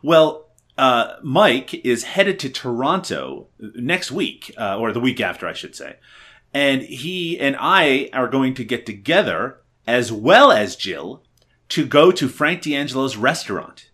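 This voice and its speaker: A man in his thirties hosts a casual comedy podcast. His pitch swings widely as he jokes and mocks himself, in an animated, bantering way. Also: a little slow, breathy edge. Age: 30s. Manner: animated, jokey, self-mocking. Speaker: podcast host.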